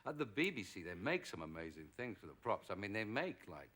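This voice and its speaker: Bright-voiced middle-aged English actor. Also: male voice, fairly low pitch, fast talker. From England. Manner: lively storyteller, acts out quoted voices. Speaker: actor, talk show guest. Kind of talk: anecdotal chat.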